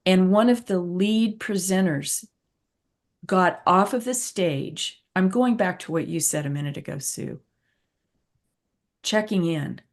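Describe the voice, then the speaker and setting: Slow and fairly low-voiced, a woman who advocates for patients and hosts tells her own story in a conversational style. She sounds earnest and thoughtful, and repeats things for emphasis.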